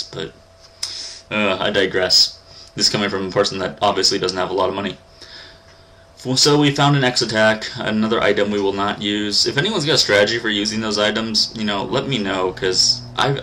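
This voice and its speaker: A man's voice: lowish voice, gravelly, bright, forceful tone, poor audio. A man casually commentating his playthrough of a retro game, rambling and sarcastic, talking back to the game characters. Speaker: gaming channel host. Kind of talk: casual let's-play commentary.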